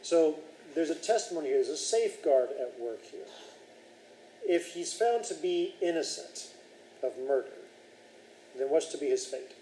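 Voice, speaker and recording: A man teaching a Bible class in a roomy, echoing hall with a faint hiss behind him. His voice sits a little high for a man but sounds mellow and relaxed as he reads scripture, explains it and questions his students. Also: moderate pace.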